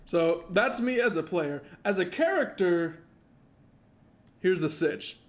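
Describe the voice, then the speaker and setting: A man streaming a game, giving excitable, joking commentary and laughing often. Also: sits high, takes it slowly. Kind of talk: casual gameplay commentary.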